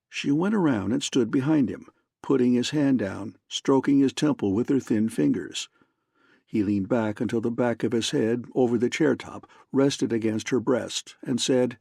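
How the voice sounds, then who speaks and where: Gravelly male audiobook narrator. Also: mid-range voice, moderate pace, dark tone, no echo, clean studio sound. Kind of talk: scripted narration.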